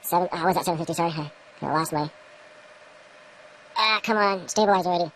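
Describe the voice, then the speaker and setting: A woman talks fast in a low-pitched voice, rambling to the camera as she works through a demonstration in an indoor grow room. She mutters at her gear between readings, and a faint room ambience hums behind her. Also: fairly bright tone, slight background noise, low-quality recording. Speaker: home grower demonstrating light readings. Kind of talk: casual instructional vlog.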